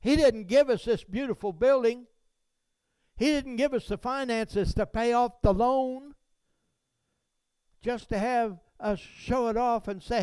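A man with a high, clear voice preaches a sermon at an unhurried pace. He delivers it in a preacherly way, building into fervent rises when he praises. The sound is dry and close. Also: a little mellow, no echo. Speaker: pastor. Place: church.

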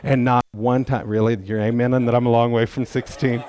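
A man's voice: mid-range voice, level tone, fairly quick, hardly any pauses, a little mellow, a little hiss or hum. A middle-aged man giving a testimony in church, talking in a folksy, conversational way with self-deprecating humor. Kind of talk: sermon testimony.

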